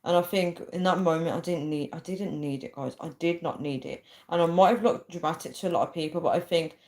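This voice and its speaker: A woman's voice: lowish voice, fairly quick, darkish tone. A young woman chatting casually on a livestream, reading out viewer comments and laughing often. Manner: laughs a lot, chatty, reads viewer names aloud. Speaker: livestream host.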